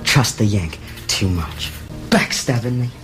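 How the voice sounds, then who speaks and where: A man's voice: lowish voice, expressive, a little slow. An actor playing a vengeful male gangster in a film clip, speaking in a strange wandering accent. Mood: bitter. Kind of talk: film dialogue. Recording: film clip with loud music behind.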